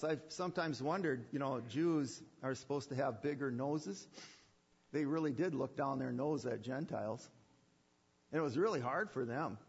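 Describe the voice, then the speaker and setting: A man's voice: on the high side, slightly rough. A man preaching a sermon with emphatic repetition and rhetorical questions. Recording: dull lo-fi sermon recording.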